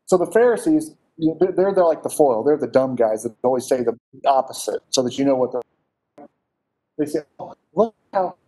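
Man preaching with a mellow voice. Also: mid-range voice, a little fast. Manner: animated, conversational preaching with rhetorical questions. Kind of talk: sermon.

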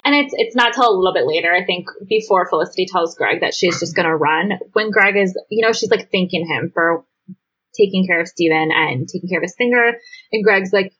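A woman's voice: lowish voice, expressive, brisk, fairly bright tone, slightly rough, lo-fi sound. A woman co-hosting a casual podcast, blunt and exasperated, who swears freely while reacting to a TV episode. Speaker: podcast co-host. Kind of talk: casual chat.

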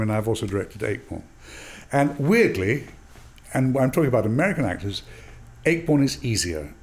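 Older male actor-teacher, lively pitch, storytelling guest who acts out lines and laughs a lot. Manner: animated, acts out dialogue in voices, laughs often. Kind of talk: storytelling interview.

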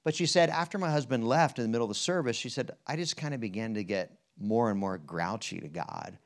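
A man's voice: medium pitch, brisk. A man from Pennsylvania preaching at a church conference, telling a story in a folksy way and then leading the listeners in prayer. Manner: animated, jumps between quiet and loud in retelling, folksy asides; leads the room in prayer, asks listeners questions. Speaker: guest preacher.

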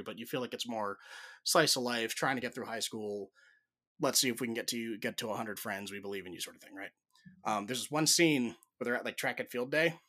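A man co-hosts a podcast in easygoing casual chat. His voice is bright. He rambles through stories, packing them with fillers and breaking into laughs. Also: mid-range voice. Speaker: podcast co-host.

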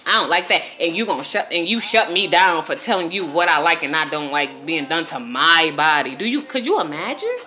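Blunt, bright-voiced woman lecturing her viewers. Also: on the low side. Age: around 40. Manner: blunt, profane, preachy, addresses viewers directly. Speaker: livestreamer giving advice. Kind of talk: unscripted live-stream talk to viewers.

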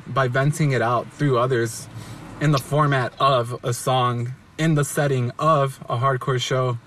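A man's voice: medium pitch, steady tone, unhurried, a bit bright, far from the mic. A man in a casual chat, talking hesitantly in slang, saying "dude". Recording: off-mic with faint noise.

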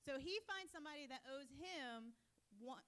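A middle-aged woman preaches a sermon with direct emphasis. Her voice is quite high, and she drives her points home with pointed rhetorical questions. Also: lively intonation, normal speed, a bit bright. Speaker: pastor.

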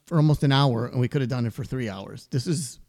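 A man's voice: mid-range voice, fast talker, darkish tone, dry recording. A middle-aged man hosting a casual podcast chat, easygoing and rambling, with lots of fillers. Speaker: podcast host.

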